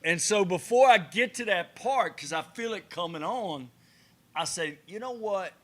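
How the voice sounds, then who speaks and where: Unhurried and high-pitched, this man co-hosts a relaxed cigar-lounge podcast. He's an animated storyteller who performs the dialogue of his tales amid casual banter.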